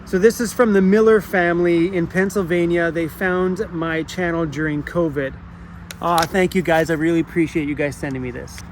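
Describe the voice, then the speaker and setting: A man's voice: a little high, steady tone, moderate pace, slight background noise. Upbeat chatty man vlogging outdoors. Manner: upbeat, chatty, laughs often. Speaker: van life vlogger. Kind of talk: casual vlog talk. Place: outdoors in a park by a parking lot.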